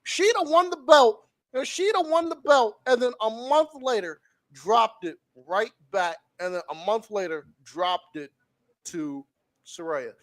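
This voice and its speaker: A man's voice: high-pitched, animated, measured pace. A man co-hosting a wrestling podcast, ranting with profanity and repeating his points for emphasis. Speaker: podcast co-host. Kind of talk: heated casual chat.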